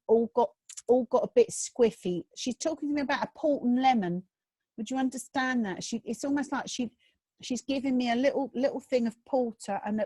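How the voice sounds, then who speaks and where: A woman's voice: fairly high pitch, dark tone, no room sound, rough recording. A woman giving a mediumship demonstration over a video call, chatty and reassuring as she relays messages. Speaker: spiritualist medium.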